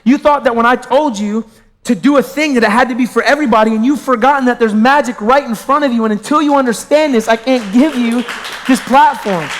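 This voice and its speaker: God as a firm, high voice, a man quoting. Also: fairly quick, a little hiss or hum. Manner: firm, direct. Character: God, a firm, patient male voice.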